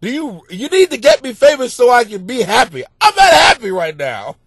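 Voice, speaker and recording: Male comic podcast host, high voice, crude rant, dead-dry booth sound. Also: big pitch swings, moderate pace, vocal fry, husky, no room sound. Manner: crude, ranting, swings into yelling and laughter. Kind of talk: profane comedic monologue.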